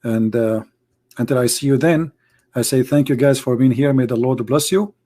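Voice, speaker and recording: A man with a hoarse voice who debates religion in a sarcastic, mocking way in an online commentary video. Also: medium pitch, normal speed, dark tone.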